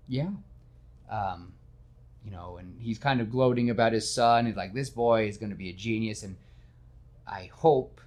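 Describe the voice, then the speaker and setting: A man hosting a casual podcast, talking in an animated, self-deprecating way and slipping into quick character voices. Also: on the low side. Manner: self-deprecating, admits nervousness. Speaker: podcast host. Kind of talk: casual podcast chat retelling a film.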